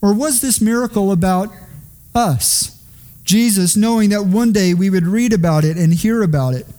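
Male pastor, sermon delivery, high pitch, warm, soft-edged tone, earnest and questioning. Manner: earnest, questioning, slows on key phrases.

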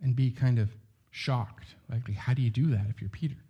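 A man's voice: medium pitch, rapid-fire, slightly rough, muffled recording. A middle-aged man preaching a sermon in a loose, conversational way, full of asides and rhetorical questions.

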